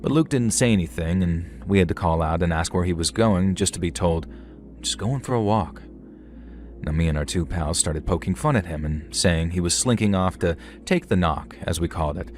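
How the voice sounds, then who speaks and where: A middle-aged man narrating a first-person horror story in a measured, dry storytelling manner. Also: low voice, darkish tone, a little hiss or hum.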